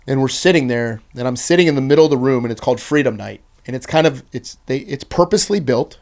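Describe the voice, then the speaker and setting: A man appearing as a podcast guest shares his personal testimony earnestly and intensely, swinging between loud bursts and hushed passages. His voice is medium-pitched and creaky, and he talks fast.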